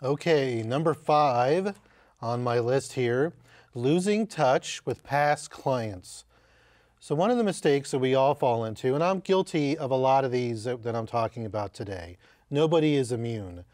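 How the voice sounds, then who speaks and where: A man's voice: medium pitch, expressive, a little slow, a little mellow, no room sound, clean studio sound. A man who works as a real estate agent gives casual career advice to newcomers, telling anecdotes in a conversational way with frequent fillers.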